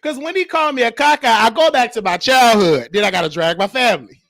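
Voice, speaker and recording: High bright-voiced guy, telling wild family stories, dry close mic. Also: fast talker, no echo. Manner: animated, acts out quotes, frequent laughter. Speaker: host. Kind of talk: storytelling monologue.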